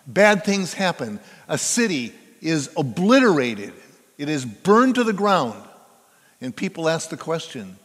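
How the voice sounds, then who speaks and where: Older pastor preaching in a reverberant church. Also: male voice, fairly high pitch, sing-song, a bit bright, breathy edge. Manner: halting, repeats words, building to emphatic stresses. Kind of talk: sermon. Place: church sanctuary.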